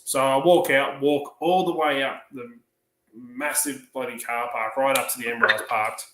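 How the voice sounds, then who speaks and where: A man's voice: medium pitch, fairly even intonation, normal speed, sharp tone, reverberant, poor audio. An Australian man chatting casually on a livestream, rambling through a long story and acting out the dialogue. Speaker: livestream panelist. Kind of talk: casual chat.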